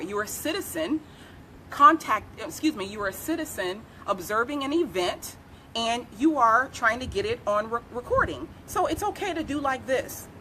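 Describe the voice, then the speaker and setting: A woman's voice: fairly high pitch, sharp tone, slight background noise. A woman attorney giving emphatic live advice, repeating key phrases as she explains. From United States. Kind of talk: live legal advice talk.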